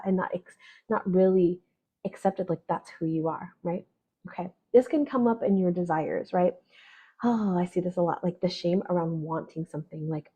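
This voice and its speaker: A woman's voice: on the low side, normal speed, husky. A woman astrologer giving a casual spoken forecast, chatty and full of "right?" and "like". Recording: dull lo-fi audio.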